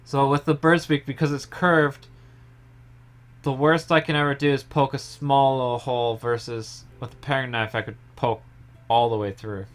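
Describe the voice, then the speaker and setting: Relaxed man explaining a home baking recipe. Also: medium pitch, moderate pace. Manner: relaxed step-by-step explaining, trailing off softly. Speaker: home baker. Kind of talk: casual cooking tutorial. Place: home kitchen.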